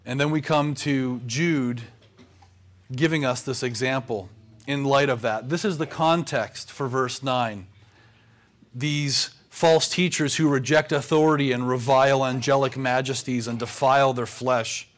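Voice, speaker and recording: A man, a pastor, preaching a sermon with measured pauses. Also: medium pitch, fairly even intonation.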